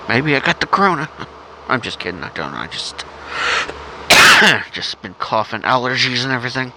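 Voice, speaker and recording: Man vlogger, coughing, rambling and blunt, casual profane talk over steady background noise with traffic. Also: medium pitch, moderate pace. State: has a cough.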